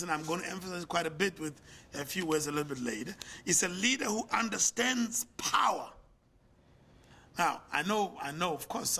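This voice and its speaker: An older man with a South African accent giving a conference lecture with a preacher's rhetorical, emphatic cadence. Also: bright, forceful tone. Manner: rhetorical, emphatic, swings in pitch and volume. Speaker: conference speaker, pastor. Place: lecture hall.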